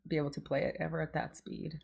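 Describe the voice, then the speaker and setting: A woman guest musician in a casual music reaction chat, agreeable and quick to affirm. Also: low voice, level tone, gravelly, darkish tone, slightly rough. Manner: agreeable, frequent short affirmations.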